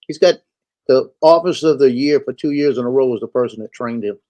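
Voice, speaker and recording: A man chats and spins anecdotes in a relaxed, folksy way, lending voices to the people in his stories. His tone is dark and mellow rather than bright. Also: mid-range voice, a little fast. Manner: folksy storyteller, acts out quoted voices. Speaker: co-host on a live stream. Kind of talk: casual chat, storytelling.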